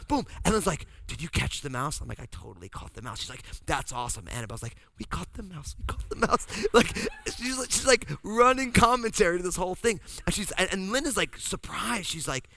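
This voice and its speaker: A pastor from New Jersey telling a funny family story in a sermon, acting out the voices of the people in it. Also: male voice, high voice, fairly quick, hardly any pauses, no echo. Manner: animated, acts out voices in his story.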